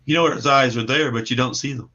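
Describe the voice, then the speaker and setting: A comic book creator chats about his work in a relaxed livestream interview, rambling and repeating words in an easygoing way. His mid-range voice is quick and sharp-toned, heard through muffled lo-fi stream audio.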